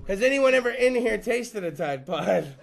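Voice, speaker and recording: High, gravelly, bright-voiced profane man. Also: lively intonation, moderate pace. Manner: crude, profane, rambling storyteller. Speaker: host. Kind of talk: stand-up style rant to a live room. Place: room with small live audience.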